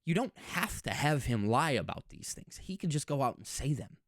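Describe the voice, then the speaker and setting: A man hosting a casual wrestling recap and opinion monologue, talking emphatically and repeating words when he gets excited. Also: mid-range voice, moderate pace, no room sound, clean studio sound. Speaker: wrestling commentary channel host.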